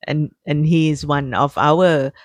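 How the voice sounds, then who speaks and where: Thai-accented woman, native Thai speaker, unhurried soft podcast co-host, dry close sound. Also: deep voice, steady tone, no room sound. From Thailand. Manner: halting, searching for words, soft. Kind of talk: casual chat.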